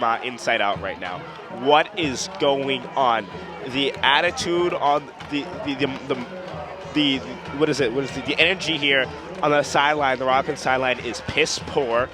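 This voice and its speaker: A young man gives color commentary for a home high school football team, rambling and openly partisan. His voice sits at an ordinary pitch, and he swings between gloom and joy. A clear crowd hums around the open-air stadium. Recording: crowd noise at outdoor stadium.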